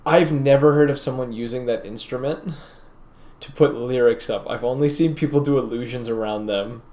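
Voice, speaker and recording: A man's voice: medium pitch, steady tone, normal speed, a little mellow. Laid-back guy running a tabletop game, mid voice, swears a lot, laughs easy. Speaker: game master.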